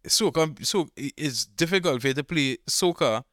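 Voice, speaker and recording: A man talks through his opinions in an easygoing podcast chat. His voice is smooth and clear, recorded dry and close with no room sound. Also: fairly high pitch, no echo. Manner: relaxed, rambling, drawn-out thinking aloud. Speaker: podcast co-host. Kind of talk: casual chat.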